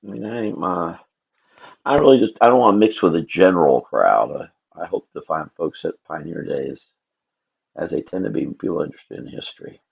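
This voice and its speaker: Gravelly low-voiced man rambling. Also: animated, moderate pace. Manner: rambling, talks to himself and greets viewers. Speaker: artist streaming live. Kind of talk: casual livestream chat while drawing. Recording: dull lo-fi stream audio.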